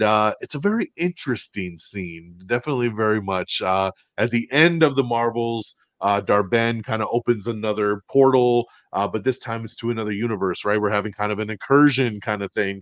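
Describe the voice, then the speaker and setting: A man co-hosting a casual movie review show, talking in an animated way, acting out characters' lines and swearing casually. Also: lowish voice, fairly quick, few pauses, dry recording. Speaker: podcast co-host.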